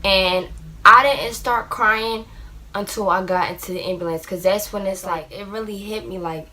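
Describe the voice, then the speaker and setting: A young woman telling a personal story in a casual vlog, rambling with lots of "like" and acting out shouted quotes. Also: mid-range voice, steady tone, moderate pace, a little hiss or hum. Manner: rambling, heavy use of "like", acts out shouted quotes. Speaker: vlogger.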